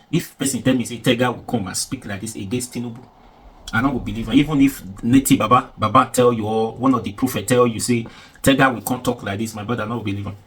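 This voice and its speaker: A man with a Nigerian accent giving excited, mocking news commentary that mixes in Pidgin. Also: mid-range voice, quick pace, husky. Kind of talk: animated commentary in Pidgin-mixed English.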